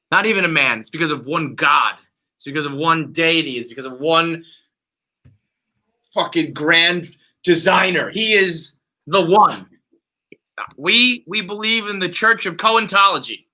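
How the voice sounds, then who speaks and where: Fired-up bright-voiced New man. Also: a little high, expressive, unhurried, pauses often, poor audio. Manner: profane, fired-up fan ranting. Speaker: podcast host. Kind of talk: casual sports podcast chat.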